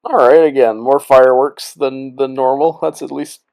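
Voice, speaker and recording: A man in casual movie-commentary mode, a little tipsy and loose. He rambles, restarts his sentences and keeps breaking into laughter. His voice sits at a middle pitch. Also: fairly even intonation, normal speed, gravelly, darkish tone, low-quality recording. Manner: rambling, trailing off, laughing often. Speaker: co-host of a movie watch-along.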